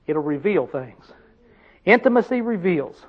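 A man's voice: sits high, animated, measured pace, dull audio. A man preaching a sermon, emphatic, putting questions to his congregation and answering them himself.

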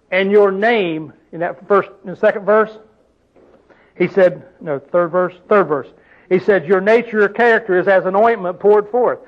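A man preaches a sermon with a high, fervent voice. He punctuates his points with exclamations. The church recording sounds dull and lo-fi. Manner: preacherly, call-and-response exclamations. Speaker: pastor. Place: church hall.

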